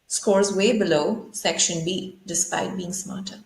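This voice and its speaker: A woman's voice: fairly low pitch, steady tone, a little slow, vocal fry, a little hiss or hum. A woman guest on a talk show, explaining ideas thoughtfully and posing rhetorical questions. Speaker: guest speaker. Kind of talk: conversational explanation. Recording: roomy echo.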